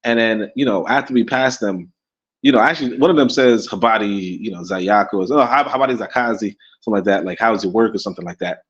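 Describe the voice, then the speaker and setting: A Caribbean-born man co-hosting a casual talk show, rambling and animated, with many restarts and laughs. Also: lowish voice, fast talker, dull audio. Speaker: podcast co-host. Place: in Africa.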